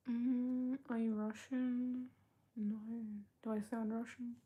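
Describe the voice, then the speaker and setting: A woman's voice: a little high, level tone, slow, mellow, husky. A young woman, chatting casually with her livestream chat, reading out and answering comments and laughing often. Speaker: livestream host.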